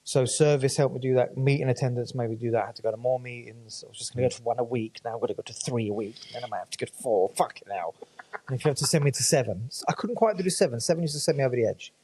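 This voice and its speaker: A male podcast guest tells stories in a casual chat, his mid-range voice rapid-fire, slightly mellow, and husky. He swears freely and acts out the voices of the people he quotes.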